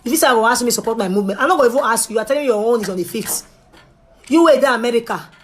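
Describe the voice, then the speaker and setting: A young woman with a Nigerian Pidgin English accent, chatting straight to her viewers in a pleading, animated way that drops to a hush and rises loud. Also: a little high, racing. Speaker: vlogger. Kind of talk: casual direct-to-camera talk.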